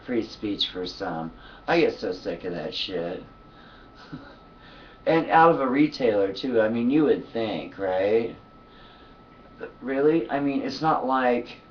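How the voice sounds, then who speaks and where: A vlogger talks to his camera in a loose, profane, rambling monologue, sleepy and yawning, laughing often between thoughts. His voice is lowish and picked up from a distance. The sound is lo-fi with slight background noise.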